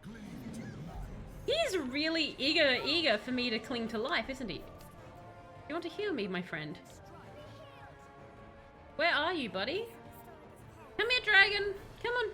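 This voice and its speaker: A woman streaming a video game, chatting excitedly and talking to the characters on screen. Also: high voice, a little slow, pauses often, music in the background. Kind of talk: live gameplay commentary.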